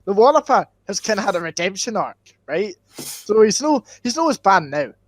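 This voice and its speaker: A young Scottish man telling a school story on a podcast, sweary and excitable, tagging "right?" onto his sentences. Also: high-pitched, moderate pace, no echo. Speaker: podcast co-host. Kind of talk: casual storytelling chat.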